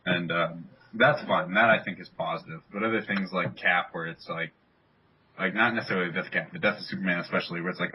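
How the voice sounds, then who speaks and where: Young man, low-ish voice, blunt casual talker, muffled call audio. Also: a little fast. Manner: blunt, swears freely. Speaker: co-host. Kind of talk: casual chat.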